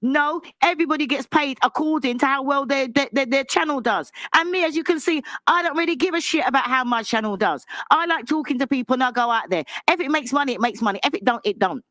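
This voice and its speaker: A woman's voice: sits high, fast, few pauses, a bit bright, no echo. A woman giving an angry, lecturing rant in a clip, calling someone out. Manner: indignant, lecturing.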